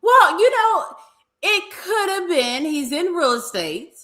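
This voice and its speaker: A woman's voice: very high-pitched, very animated, slow, bright, forceful tone. A woman co-hosting a casual recap podcast, giving blunt, profane commentary. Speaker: co-host. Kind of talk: casual reality TV recap chat.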